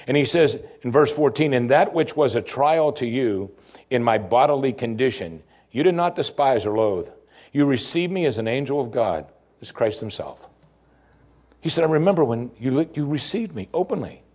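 A man preaching a sermon, lively and humorous, who drops his voice low and soft when quoting pleas. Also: normal speed. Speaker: pastor.

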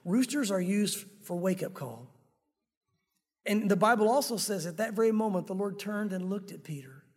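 A man's voice: sits high, animated, normal speed. A man preaching a sermon in a church, emphatic and conversational, calling his listeners "guys". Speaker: pastor. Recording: long hall reverb.

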